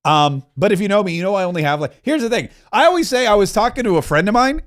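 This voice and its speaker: A male podcast host with a notably high voice rails against politicians, piling up rapid, heated points. He talks in a run of asides and restarts. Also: very animated. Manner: fast, heated ranting with asides. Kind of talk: opinionated political commentary.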